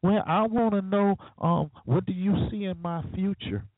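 A man's voice: high voice, normal speed, dry recording, pitched above the performer's own voice. A man mimicking a hopeful caller pleading with a psychic. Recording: tinny phone-like, dry.

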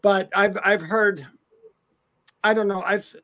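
A man co-hosting a live chat show about the paranormal, talking casually with hesitant restarts and quick laughs. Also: sits high, steady tone, bright, forceful tone. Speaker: co-host.

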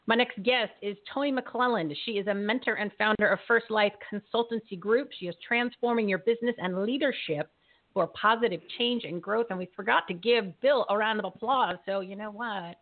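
A woman's voice: mid-range voice, a little fast. Enthusiastic woman host, phone-thin. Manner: enthusiastic and teasing. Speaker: show host. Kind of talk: live show hosting, casual chat. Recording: tinny phone-like line.

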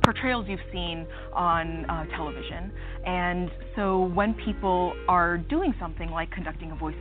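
A woman psychologist explaining ideas in a measured, clear way during an interview clip. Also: fairly low pitch. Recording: tinny clip with music behind.

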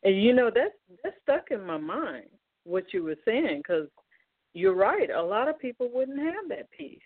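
A woman host and minister interviewing a guest on a faith talk show, affirming and asking slow-building questions. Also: fairly high pitch, very animated, breathy edge, no room sound. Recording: dry, tinny phone line.

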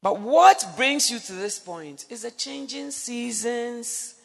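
A middle-aged woman preaching on marriage, telling a story with animated acted-out dialogue and bursts of laughter. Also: a little high, slow pace, vocal fry. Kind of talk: sermon. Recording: long hall reverb.

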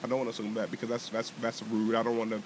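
A man's voice: lowish voice, rapid-fire, noisy background. A young man co-hosting a podcast, telling a heated story in casual chat, swearing and restarting his sentences often. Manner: animated, swearing, many restarts and repeated words.

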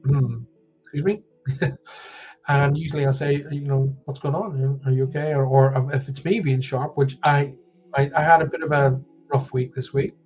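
A man's voice: mid-range voice, little pitch movement, normal speed, a little mellow, lo-fi sound. An Irish man hosting a live wellbeing show, talking casually and joking as he reads out viewer comments. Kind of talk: casual live-stream talk.

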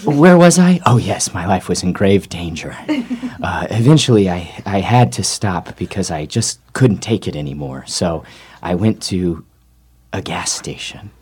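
A woman's voice: a bass voice, lively intonation, normal speed, mellow. A woman comedian telling a rambling, self-mocking improvised comic story.

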